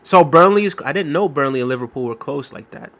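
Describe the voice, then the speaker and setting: A man's voice: fairly high pitch, animated, fast talker, a bit bright. A man hosting a casual live stream, reading viewer comments aloud and thanking them by name. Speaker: livestream host reading chat.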